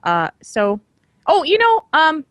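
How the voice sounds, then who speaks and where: A woman's voice: high voice, wildly swooping pitch, slow, fairly bright tone, no room sound. A woman in her thirties co-hosting a podcast in casual chat, laughing often as she talks. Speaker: podcast co-host.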